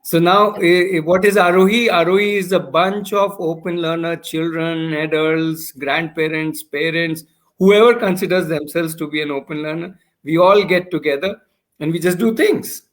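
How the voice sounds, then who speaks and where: A man talks through his ideas in a relaxed conversation, fairly high in pitch. He explains patiently with examples and often restarts his sentences. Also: normal speed. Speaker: founder of a learning community, guest. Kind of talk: casual conversation.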